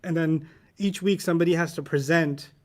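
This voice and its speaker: A man's voice: fairly high pitch, a little fast. A man teaching Arabic vocabulary in a casual class, quizzing students and telling humorous stories.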